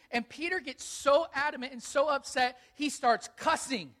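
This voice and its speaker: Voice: sits high, normal speed, hardly any pauses, bright, forceful tone. A pastor preaching a sermon to a congregation, retelling a story with earnest emphasis.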